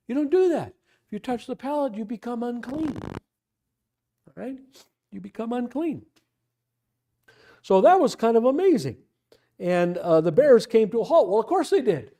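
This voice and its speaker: Guy teaching bible class, slightly high voice that jumps around a lot, chatty with lots of questions. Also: a little mellow. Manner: conversational, lots of rhetorical questions and acted-out quotes. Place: church classroom.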